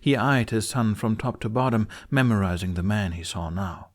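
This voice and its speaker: A man narrating a fantasy audiobook in an expressive storytelling style. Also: on the low side, moderate pace. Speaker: audiobook reader.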